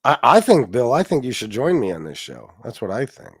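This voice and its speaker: A man's voice: medium pitch, sing-song, a little fast, breathy edge, no echo, studio quality. A man hosting a casual livestream with a stuffed-up nose, rambling, swearing and reading viewers' chat comments aloud. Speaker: livestream host.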